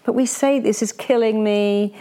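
A woman guest who coaches clients, chatting and telling anecdotes in an animated way, acting out the voices of the people she quotes. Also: on the high side, moderate pace. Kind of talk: conversational podcast storytelling.

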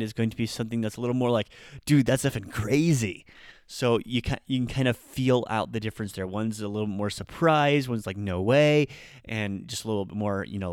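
A man's voice: on the low side, smooth, dry recording, studio quality. Upbeat man hosting a language podcast. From Nebraska, USA. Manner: chatty, upbeat, acts out slang exclamations. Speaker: podcast host, Japanese teacher. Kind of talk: casual podcast lesson.

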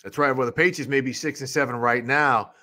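A man's voice: medium pitch, steady tone, brisk, sharp tone. A man co-hosting a sports talk show, upbeat as he brings in guests. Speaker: co-host.

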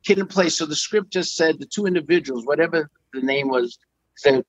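Middle-aged man, casual storyteller, fairly high voice, dry close sound, lively quoting. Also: brisk, dry recording, low-quality recording. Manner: animated storyteller, acts out quotes with pitch jumps. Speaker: guest storyteller. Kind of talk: casual anecdote on a podcast.

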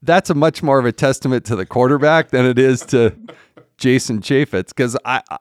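A man's voice: mid-range voice, normal speed, clean tone, no room sound, studio quality. A middle-aged man, a former politician, chatting as a podcast guest and telling stories with laughs and acted-out quotes. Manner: animated, laughs often, acts out quotes. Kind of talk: casual storytelling chat.

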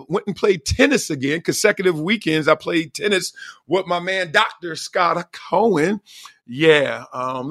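Man, podcast host, hoarse, animated, dry, fairly high voice. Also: dry recording. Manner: animated, laughing, shouts out coaching lines. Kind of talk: casual chat.

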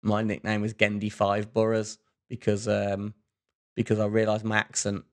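A man co-hosting a relaxed podcast, rambling through a story with lots of restarts and fillers. His voice sits on the low side. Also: normal speed. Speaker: podcast co-host. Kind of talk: casual chat.

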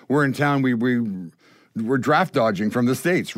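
An older Canadian man, a guest musician, telling stories in an animated way and acting out the voices of the people in them. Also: medium pitch, moderate pace, dry recording. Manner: acts out voices in his stories. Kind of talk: animated storytelling.

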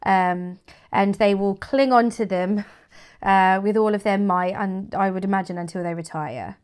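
A woman's voice: mid-range voice, fairly even intonation, normal speed, a little mellow, smooth. Woman guest talking marketing, blunt and opinionated, lots of ums. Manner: frank, opinionated, with frequent fillers and restarts. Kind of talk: casual interview talk.

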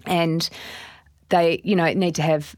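A woman's voice: on the low side, slow, no room sound, studio quality. A middle-aged Australian woman, a business owner and guest, telling stories in a casual interview and acting out her own thoughts. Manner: animated storytelling with quoted inner voices.

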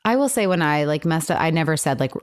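A woman in casual chat, getting heated and animated as she talks, with lots of fillers. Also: sits low, fast, clear, resonant tone.

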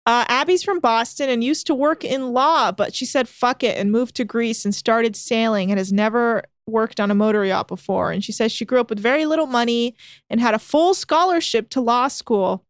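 A woman's voice: a little high, no room sound, studio quality. A woman co-hosting a podcast, recapping episodes in casual chat with a teasing, laughing manner. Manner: teasing, quick to laugh, chatty summarizing. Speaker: podcast co-host recapping a show.

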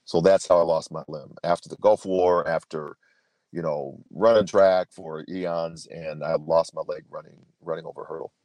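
A man's voice: rumbling low, fairly even intonation, moderate pace, a little mellow, dry recording. A man in his fifties, a podcast guest, telling a personal story in an earnest, emphatic way, often restarting his sentences. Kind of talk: storytelling interview answer.

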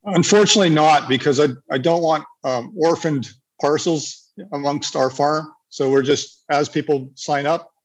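A man's voice: a little high, normal speed, hardly any pauses, husky, rough recording. A man from Canada answering questions casually in a webinar, rambling with many restarts. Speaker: eco village developer.

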